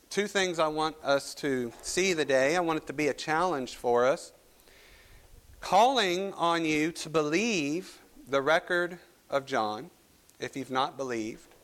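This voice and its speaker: A male pastor from Kentucky, his voice fairly high and a bit bright, preaches in a church sanctuary. He tells folksy stories full of southern expressions before reading scripture and praying.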